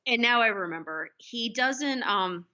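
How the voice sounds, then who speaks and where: Bright, lively woman chatting about a film. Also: fairly high pitch, measured pace, highs cut off. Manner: animated, acts out quotes from the film. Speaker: podcast co-host. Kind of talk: casual film discussion.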